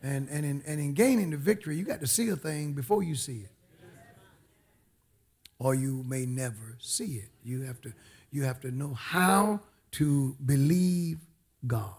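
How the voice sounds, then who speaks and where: A man's voice: a little high, animated, a little slow, darkish tone, husky. A man preaching a sermon as a bishop, emphatic, repeating phrases and calling out amen.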